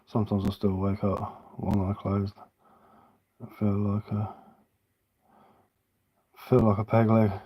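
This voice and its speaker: A man's voice: lowish voice, level tone, takes it slowly, long pauses, mellow, poor audio. A man from Sussex with a Sussex accent tinged with London, hosting a live stream and chatting casually in a loose, matey, rambling way. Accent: Sussex English mixed with a London tinge. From Sussex, England. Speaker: livestream host.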